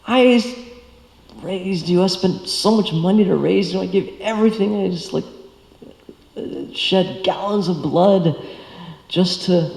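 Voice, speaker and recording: A furious middle-aged father scolds his son in a loud, indignant, raised voice, as a man acting him out. The lines ring with a long hall reverb. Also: sits high, measured pace, gravelly, voice pushed up. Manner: indignant, shouting. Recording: echoey temple hall.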